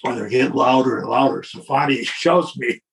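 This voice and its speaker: Recorded from afar, this older male guest speaks in a mid-range, fairly bright voice, a little fast. He's casually telling a lengthy wrestling story, voicing the quotes himself and laughing softly along the way.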